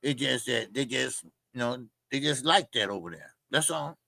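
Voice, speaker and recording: A man's voice: medium pitch, lively intonation, normal speed, vocal fry, sharp tone, no room sound. A man hosting a boxing channel, ranting his opinions in a blunt, profane, mocking way, often repeating himself and using fillers. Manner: repeats phrases, with frequent fillers. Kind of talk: opinionated boxing commentary rant.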